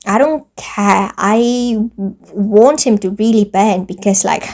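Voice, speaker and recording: A young woman telling a storytime vlog as an exasperated, profane rant, talking fast and animated. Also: mid-range voice. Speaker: vlogger.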